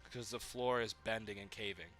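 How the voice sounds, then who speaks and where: Over music, a young podcast co-host from Maine tells meandering party stories in a lowish, steady, brisk voice. He curses a lot and voices the quotes of the people involved.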